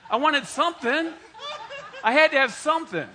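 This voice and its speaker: A man in his forties delivers a sermon in a bright, forceful voice that sits high for a man. He tells stories with humor and speaks straight to the people in front of him, animated and playful. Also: moderate pace. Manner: animated, joking, talks straight to the congregation. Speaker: pastor. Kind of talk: sermon with personal storytelling.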